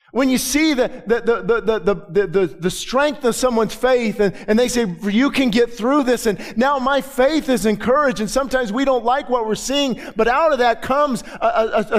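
A pastor preaching a sermon in a church, swinging from soft, halting storytelling to loud, fervent proclamation full of repeated phrases. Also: male voice, extremely high pitch. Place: church with a balcony.

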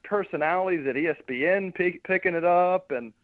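A man's voice: high voice, fairly quick, dry recording. A man calling in as a guest reporter, chatting casually and stumbling over and repeating his words. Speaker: sports beat reporter, guest. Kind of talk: casual radio interview. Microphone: phone call. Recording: tinny dry phone line.

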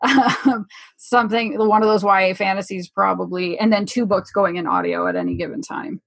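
A woman on a casual podcast chat, making deadpan jokes. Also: medium pitch, moderate pace, vocal fry, no room sound. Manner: deadpan, joking. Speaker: podcast guest.

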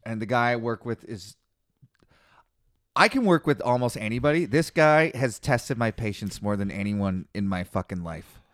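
A man's voice: medium pitch, expressive, moderate pace, fairly bright tone, no echo, studio quality. A man who is a comedian and podcast host, telling a rambling, profanity-laced story in casual chat.

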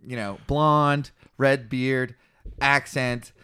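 A man's voice: medium pitch, fairly even intonation, extremely slow, bright, forceful tone, smooth, no echo, clean studio sound. A man co-hosting a podcast, bantering sarcastically and butting in with jokes. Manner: sarcastic, jumping into silly bits and put-on voices. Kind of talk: casual banter.

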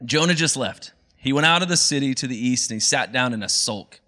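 Bright-voiced, animated male pastor. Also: mid-range voice, fairly quick. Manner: casual, animated, conversational. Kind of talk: sermon.

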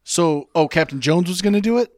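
A man with a somewhat high voice chats casually and drops wry, dry remarks. He is recorded close and dry, with no room echo. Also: expressive, a little fast, darkish tone. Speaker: podcast co-host. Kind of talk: casual chat.

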